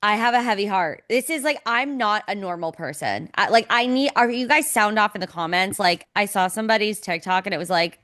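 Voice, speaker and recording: A woman's voice: mid-range voice, brisk, few pauses, a bit bright. Emotional, dramatic young woman podcaster. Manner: emotional, dramatic, swears freely. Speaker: podcast co-host. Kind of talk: casual chat.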